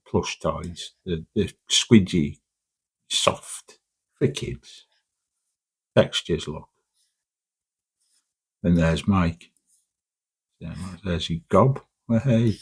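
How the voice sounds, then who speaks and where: A man's voice: sits low, darkish tone, breathy edge. A man in his fifties, a commercial artist, chatting casually and rambling through a vlog, swearing now and then. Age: 50s.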